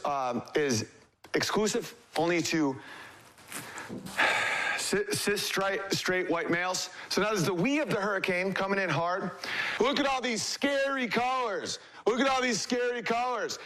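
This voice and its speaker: A man's voice: high voice, normal speed, a bit bright. A man playing an overwrought mock TV weatherman. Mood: mock-alarmed. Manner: over-the-top newscaster delivery. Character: mock TV weatherman, male adult, overwrought satire. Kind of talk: satirical comedy sketch.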